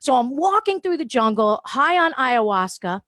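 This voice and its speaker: A woman guest on a radio show, telling a lively story, laughing often and acting out what people said. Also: high voice, moderate pace, dry recording, studio quality. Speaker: guest, holistic wellness practitioner. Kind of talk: animated storytelling in a radio interview. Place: radio studio.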